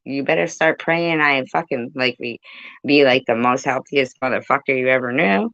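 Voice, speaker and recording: A woman's voice: a bass voice, moderate pace, a bit bright, no echo, highs cut off. A woman ranting profanely and confrontationally on a phone livestream, rambling and chatting with her viewers. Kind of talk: livestream rant.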